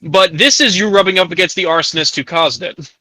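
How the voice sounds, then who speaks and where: A man's voice: high voice, fairly quick, sharp tone, no echo, low-quality recording. A man running a tabletop game as game master, describing scenes and stopping players to clarify.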